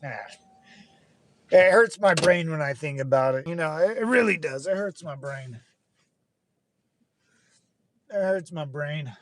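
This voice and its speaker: A man's voice: a little high, animated, measured pace, pauses often. A young man from California ranting casually, rambling with frequent restarts, fillers and swearing. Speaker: channel host. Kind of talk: casual rant.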